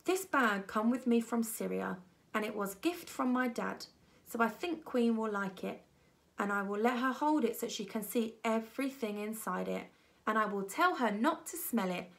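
A woman voicing an earnest young refugee boy who speaks in slow, careful, broken English. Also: on the high side, animated, gravelly.

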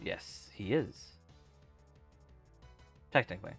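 A man hosts a late-night gaming stream through a headset mic, chatting casually and laughing. His pitch moves around a lot as he talks. Faint background music sits under the voice. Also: animated, slow, vocal fry, husky. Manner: chatty, laughing, playful about doing voices. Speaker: streamer host.

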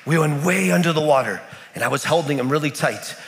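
A man's voice: fairly high pitch, fairly quick, fairly bright tone. A man from the United States preaching a sermon in a church in Kenya, telling a story with lots of repetition. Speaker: pastor. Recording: echoey church hall.

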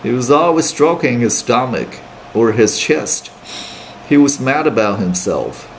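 A man's voice: medium pitch, unhurried, slight background noise. Man reading a novel aloud for students. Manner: steady, plain read-aloud narration with brief Mandarin asides. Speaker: English teacher.

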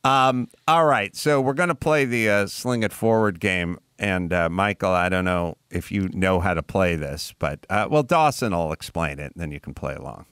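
A man's voice: low-pitched, expressive, fairly bright tone, clear, resonant tone, dry recording, studio quality. A man hosting a podcast, riffing and swearing through casual comedic banter. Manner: riffing, swearing, quick jokes. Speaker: podcast host.

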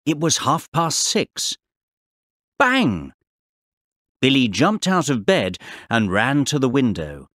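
A man narrating a story slowly and clearly for English learners. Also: medium pitch, dry recording, studio quality. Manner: deliberate, expressive reading for learners. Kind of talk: slow, clear textbook narration.

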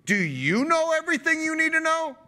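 A man's voice: sits high, lively intonation, moderate pace, bright, forceful tone, voice pushed up, exaggerated voice. A man voicing God as an indignant, confrontational figure who challenges a complainer.

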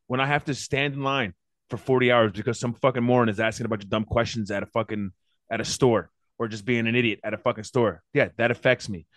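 A man's voice: mid-range voice, fast, no echo. A man co-hosting a podcast, telling a long exasperated story full of swearing. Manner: profane ranting storyteller; animated, exasperated. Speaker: podcast co-host. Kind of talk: casual chat.

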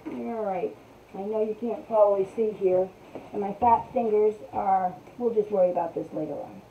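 A woman's voice: mid-range voice, normal speed, slight background noise. A woman hosting a casual craft tutorial live stream, chatting to viewers while she works on a piece at her table. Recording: tinny phone-like sound.

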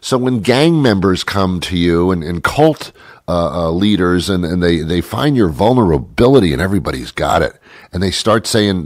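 A man's voice: sits low, animated, normal speed, no room sound, clean studio sound. A man hosting a talk show, musing aloud in a rambling monologue with frequent stammered restarts, while he has a cold.

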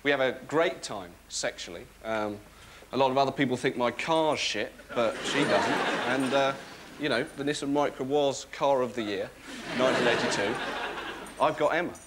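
A man's voice: medium pitch, moderate pace, lightly acted. An actor playing a neurotic, sleepless young man, who rambles in a wry, self-mocking way. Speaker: sitcom lead. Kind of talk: comic monologue and dialogue. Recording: noisy TV broadcast recording.

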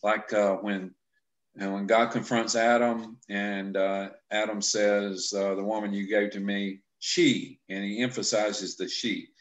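Low-voiced man explaining scripture. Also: steady tone. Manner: explanatory, halting with frequent restarts. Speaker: Bible class instructor. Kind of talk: casual scripture teaching discussion.

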